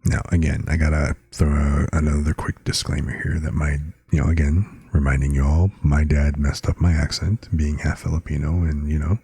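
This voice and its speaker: A man's voice: extremely low pitch, little pitch movement, moderate pace, vocal fry, few pauses, warm tone, husky, dry recording. A man streaming live, chatting casually with viewers and reading out words with their definitions.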